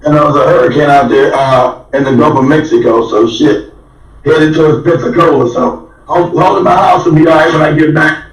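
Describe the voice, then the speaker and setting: A man's voice: a little high, fairly even intonation, brisk. A man calling in to a talk show, talking loosely and casually. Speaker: guest caller. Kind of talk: casual chat. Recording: echoey, distant.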